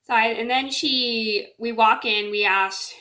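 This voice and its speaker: A woman's voice: a little high, unhurried, bright, forceful tone. A woman casually telling a rambling personal story to camera, with many fillers, restarts and repeated "blah, blah". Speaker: storyteller vlogger.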